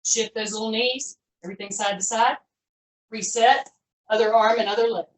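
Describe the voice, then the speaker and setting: A woman's voice: on the high side, fairly even intonation, normal speed. A woman leading a live online pilates class, chatty and encouraging as she calls out each move. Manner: upbeat, chatty, encouraging coaching with folksy phrases. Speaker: fitness instructor. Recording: echoey room, voice from far off.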